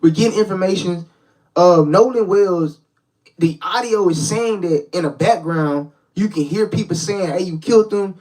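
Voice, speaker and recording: A man's voice: sits high, measured pace, a little mellow, recorded from a distance, rough recording. A young man hosting a live reaction stream as a street preacher, talking in a slangy casual way, repeating words and addressing the chat directly. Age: young adult.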